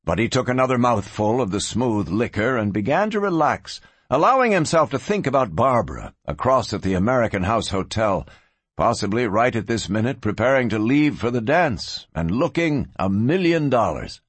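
Expressive husky male audiobook narrator. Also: mid-range voice, moderate pace, no echo. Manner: expressive, varied storytelling. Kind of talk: scripted western audiobook narration.

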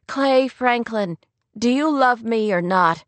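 A woman's voice: fairly high pitch, slow, no room sound. A woman voicing a determined young woman in love, speaking earnestly and emphatically.

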